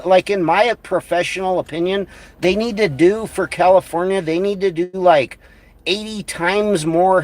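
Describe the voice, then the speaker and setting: A man on a livestream, ranting crudely and scornfully in a rambling way. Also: fairly high pitch. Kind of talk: profane livestream rant.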